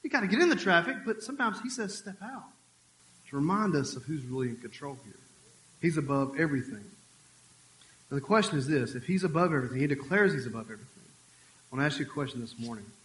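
A man preaching a sermon as a pastor, talking in a conversational, animated way with quick asides. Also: a little high, echoey room, low-quality recording. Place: church sanctuary.

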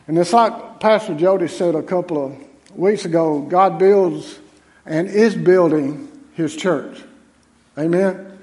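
A man delivers a sermon in a notably high voice. He talks to the congregation like old friends, with folksy asides and frequent restarts. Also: slow pace, mellow. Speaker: associate pastor. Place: church sanctuary.

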